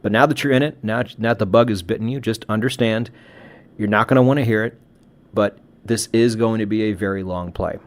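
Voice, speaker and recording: A man with a lowish voice talks through his points in a relaxed podcast chat. He is middle-aged, reflective, and often restarts his sentences as he gives advice to listeners. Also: a little fast. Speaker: podcast co-host. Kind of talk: casual podcast conversation.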